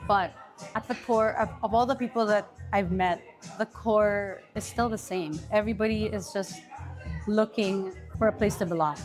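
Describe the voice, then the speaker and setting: A young woman from the Philippines, a guest in a casual interview, talking in a bubbly, emotional way with lots of "like". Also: medium pitch. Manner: bubbly, emotional, heavy use of "like".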